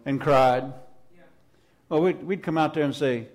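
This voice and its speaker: A man preaching a fervent sermon, his voice sitting somewhat high. He talks emphatically and repeats his phrases for emphasis. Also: measured pace, a little mellow. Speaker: pastor. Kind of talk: Pentecostal sermon. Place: church service.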